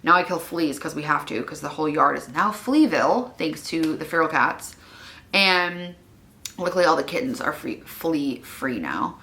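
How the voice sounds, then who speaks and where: A young woman chats to her camera at home in a loose, rambling way, full of "like" fillers. Her voice sits low yet sounds bright and forward. She gets emotional easily. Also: normal speed. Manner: chatty, rambling, many "like" fillers; emotional, wavering at times. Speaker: vlogger. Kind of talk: casual vlog chat.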